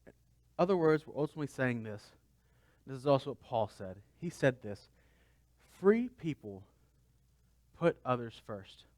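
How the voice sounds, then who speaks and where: A man's voice: mid-range voice, big pitch swings, moderate pace, long pauses, darkish tone, no room sound. A man pastor giving a conversational sermon, asking the congregation rhetorical questions.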